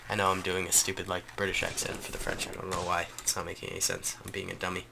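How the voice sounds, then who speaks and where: A man's voice: sits low, monotone, quick pace, vocal fry, hardly any pauses, sharp tone, slight background noise. A man hosting a gaming channel, giving enthusiastic, rambling gameplay commentary with frequent ums.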